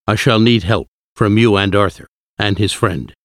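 A man's voice: lowish voice, moderate pace, a bit bright, no echo, clean studio sound, lightly acted. A man reading the part of an elderly vampire-hunting professor, solemn and firm. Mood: grave.

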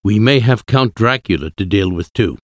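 A man's voice: fairly low pitch, animated, normal speed, dry recording, clean studio sound. A man reading the part of an elderly vampire-hunting professor, solemn and firm. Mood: grave.

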